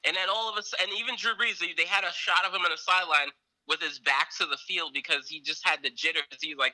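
A man co-hosting a casual sports talk show, retelling a game in a rambling, animated way full of fillers. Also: a little high, quick pace, no echo, poor audio. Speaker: sports podcast co-host.

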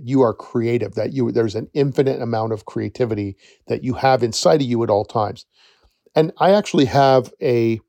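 Gravelly-voiced man telling a rambling story. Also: medium pitch, darkish tone, no echo, clean studio sound. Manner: rambling, self-correcting, chatty. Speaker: podcast host, forest educator. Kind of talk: casual storytelling monologue.

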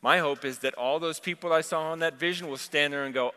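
A man delivers an impassioned sermon, his voice bright and forceful. He tells stories and quotes scripture. The sound rings out with a long reverb, as in a large church hall. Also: a little high, steady tone, brisk, few pauses. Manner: impassioned storytelling, quoting scripture. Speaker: preacher.

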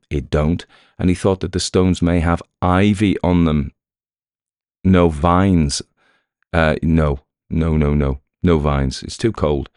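A man's voice: low voice, darkish tone, smooth, dry recording, studio quality. A British man who hosts a story podcast, chatting casually after a reading, rambling with wry asides. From Britain.

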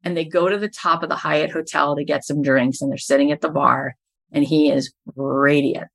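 A woman's voice: low-pitched, steady tone, moderate pace, gravelly. A middle-aged woman, a podcast host and business coach, telling stories as a guest in an interview and building each anecdote to its punchline.

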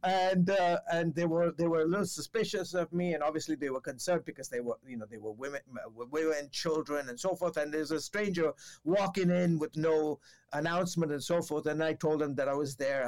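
A man's voice: brisk, a little mellow. A man, a television reporter, telling a story in a casual podcast chat, with lots of fillers and restarts, and acting out the people he quotes. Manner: acts out quoted exchanges with raised pitch.

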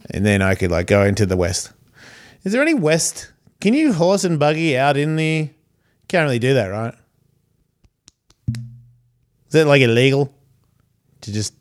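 Profane rambling man podcasting alone. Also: on the low side. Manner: profane, meandering and self-mocking. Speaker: podcast host. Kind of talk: rambling solo podcast monologue. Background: cat purring and moving nearby.

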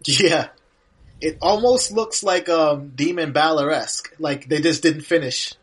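A man's voice: on the high side, measured pace, slightly rough. A man co-hosting a podcast, chatting easily and agreeably while watching an old wrestling match, laughing often. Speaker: podcast co-host.

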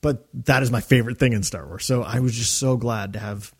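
A man's voice: medium pitch, fairly quick, slightly rough. A man co-hosting a fan podcast, talking enthusiastically with many fillers and restarts. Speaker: podcast co-host. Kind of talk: casual fan podcast discussion.

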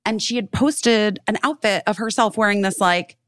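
A woman's voice: medium pitch, moderate pace, dry recording, studio quality. A woman co-hosting a podcast, telling a story in casual chat. She acts out her friends' lines, swears freely and fills her talk with "like". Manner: animated storyteller acting out quoted friends, lots of swearing and "like". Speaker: podcast co-host.

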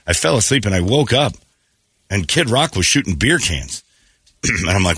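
Husky, bright-voiced male radio host. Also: on the low side, moderate pace, no room sound, studio quality. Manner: animated, jumps into mocking quoted voices. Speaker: radio morning show host. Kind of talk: casual radio banter.

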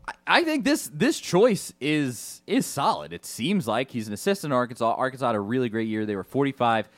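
A man co-hosting a casual sports talk show, animated and quick to laugh, often restarting his sentences. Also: medium pitch, no echo. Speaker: sports radio co-host.

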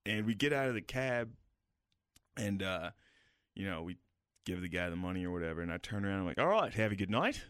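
A man's voice: sits low, fairly even intonation, a little fast, long pauses, fairly bright tone, smooth, no echo, studio quality. A man, a comedian, telling a crude rambling anecdote in casual podcast chat.

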